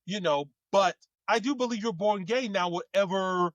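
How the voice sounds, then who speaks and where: A man's voice: sits high, moderate pace, no room sound, muffled recording. A man co-hosting a casual chat, rambling with lots of fillers and restarts. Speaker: co-host.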